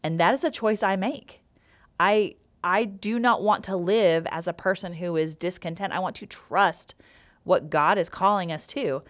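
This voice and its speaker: A middle-aged woman speaks in a slightly low voice on a faith podcast. She tells her story openly, with fillers and a playful sense of humor. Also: measured pace. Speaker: podcast co-host.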